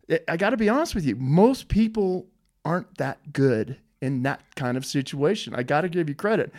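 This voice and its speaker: A male podcast host praising his guest in an emphatic, admiring way, repeating his points. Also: high voice. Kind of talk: interview chat.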